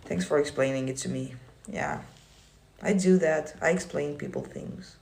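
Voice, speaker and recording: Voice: mid-range voice, huge pitch swings, moderate pace, creaky, a little mellow. A manifestation coach on a casual livestream, reading viewer comments aloud and answering them in a blunt, swearing, teasing way.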